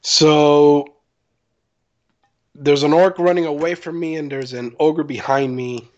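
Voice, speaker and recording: A man playing a tabletop game, calling out his rolls and actions in a relaxed, matter-of-fact way. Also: fairly high pitch, slow pace, lo-fi sound. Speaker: player. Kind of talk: casual tabletop play.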